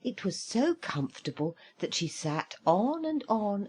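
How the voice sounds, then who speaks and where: A woman reading a fairy tale aloud in an expressive storybook style, with dramatic slowdowns. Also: medium pitch, slightly rough.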